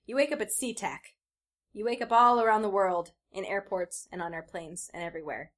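A woman's voice: medium pitch, steady tone, brisk. A young woman, a podcast host, dramatically reading fan fiction aloud with a playful, theatrical delivery. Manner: theatrical, breaking into laughter.

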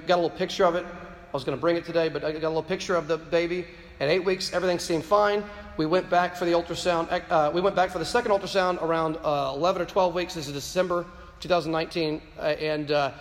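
Male speaker, high voice, fervent preaching delivery, stammering repeats for emphasis, long hall echo; addressing students. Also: steady tone, quick pace. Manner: impassioned, repeats words when stressing a point. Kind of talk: preaching-style talk to a live audience.

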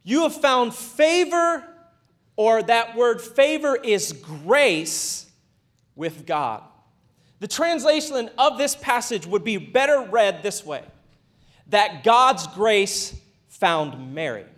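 Pastor, male, very high voice; chatty sermon delivery, acts out quotes, builds to shouts. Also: sing-song, slow. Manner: conversational preaching with playful asides and acted-out quotes.

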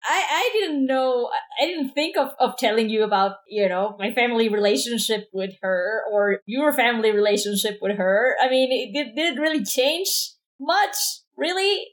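A woman playing a tabletop game who talks in a halting way and keeps stumbling over her words. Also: fairly high pitch, animated. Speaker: player.

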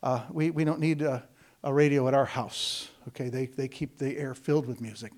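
A man's voice: mid-range voice, steady tone, normal speed, a little mellow. A man speaking to a congregation as a visiting missionary, telling a story in a folksy, joking way and often talking straight to his listeners. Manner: folksy, joking, digressive, addresses the congregation directly. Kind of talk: storytelling sermon.

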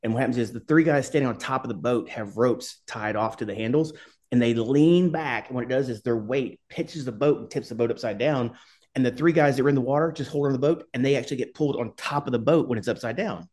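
A man's voice: mid-range voice, fast talker, a little mellow. A middle-aged man, a podcast guest, telling rambling stories in casual talk, swearing and laughing along the way. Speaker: podcast guest, former Army skydiver. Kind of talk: casual storytelling.

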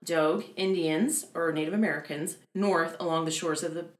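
Chatty woman with a lowish voice. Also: normal speed, echoey room. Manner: chatty, many fillers, laughs easily. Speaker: podcast host telling a haunted history. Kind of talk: casual chat storytelling.

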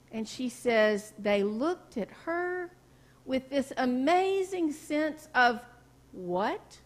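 A woman's voice: high-pitched, animated, slow, a bit bright. A woman pastor preaching a sermon, telling stories in a folksy way and asking the congregation questions. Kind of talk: sermon with storytelling. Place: church sanctuary.

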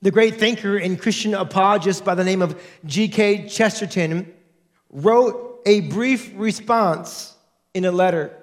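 A pastor with a high, light man's voice delivers a sermon. He preaches with animation and slips into the voices of the people he quotes. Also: unhurried.

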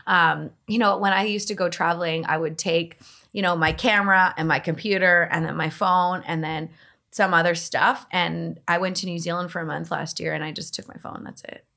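A woman's voice: lowish voice, fairly even intonation, moderate pace, creaky, pushed and bright. A young woman, chatting enthusiastically as an interview guest about technology, with lots of fillers. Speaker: interview guest, tech blogger. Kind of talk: casual interview chat.

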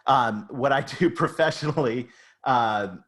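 A man's voice: mid-range voice, measured pace, fairly bright tone. A man from Ontario with a mixed Southern US and Canadian accent, chatting upbeat as a podcast guest, often restarting his sentences. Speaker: podcast guest, revenue growth consultant. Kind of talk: casual podcast conversation.

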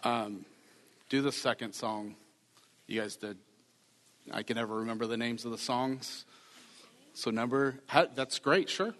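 A man's voice: medium pitch, a little slow, long pauses, fairly bright tone. Man preaching in an echoing church. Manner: earnest, conversational preaching with repeated phrases. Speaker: pastor. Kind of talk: sermon. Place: church sanctuary. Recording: reverberant church hall.

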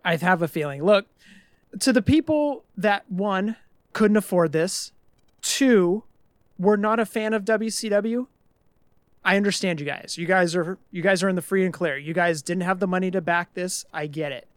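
A man's voice: high-pitched, normal speed, dry recording. A man co-hosting a casual podcast, ranting in an exasperated way with some mild swearing. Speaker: podcast co-host.

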